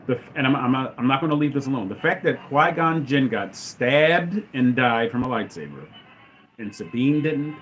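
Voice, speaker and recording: Man ranting fan commentary. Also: medium pitch. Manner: ranting, exclaims loudly. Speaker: channel host.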